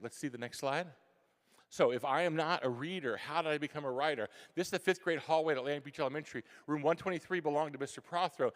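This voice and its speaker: A man telling a childhood story to a school audience, animated and acting out his younger self with gasps and whispers. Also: fairly high pitch. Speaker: guest author speaking to a school. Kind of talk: storytelling talk to students. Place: large hall, school event. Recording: long hall reverb.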